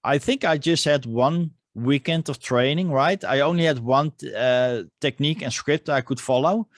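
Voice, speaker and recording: Male interview host, halting delivery, dry room. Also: mid-range voice, dry recording. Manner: hesitant, many "uh" fillers. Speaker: podcast host and coach. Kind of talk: interview conversation.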